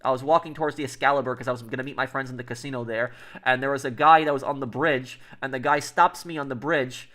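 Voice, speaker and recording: Male streamer, casual live chat, rapid delivery, mid-pitched, rambling with many "like"s. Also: steady tone, sharp tone. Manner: rambling, many fillers and restarts.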